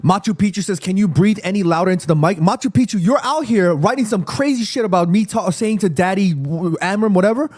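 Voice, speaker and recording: A man hosting a live watchalong stream in casual chat, excitable, reading viewer messages aloud and swearing freely. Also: sits high, quick pace, few pauses.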